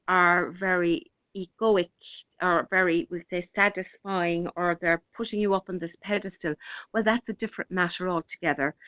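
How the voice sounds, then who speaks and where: Gentle woman on a phone-like line. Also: fairly low pitch, no room sound. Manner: gentle, unhurried, with many hesitations and restarts. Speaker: radio show host. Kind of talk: casual spiritual talk, reading out listener comments. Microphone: online radio broadcast. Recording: thin phone-like line, dry.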